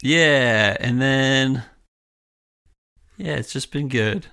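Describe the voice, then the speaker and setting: A young man co-hosting a podcast, chatting in a relaxed, rambling way with lots of fillers. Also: medium pitch, normal speed, smooth. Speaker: podcast co-host. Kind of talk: casual chat.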